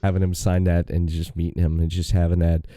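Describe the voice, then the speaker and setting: A man's voice: sits low, little pitch movement, brisk, mellow, dry recording, studio quality. A man hosting a podcast, chatting casually and telling stories with rambling enthusiasm. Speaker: podcast host. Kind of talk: casual chat.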